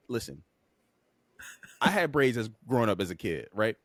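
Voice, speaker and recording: A man's voice: mid-range voice, big pitch swings, a little fast, dry recording. A young man co-hosting a podcast, telling a story with frequent profanity and emphatic delivery. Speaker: podcast co-host.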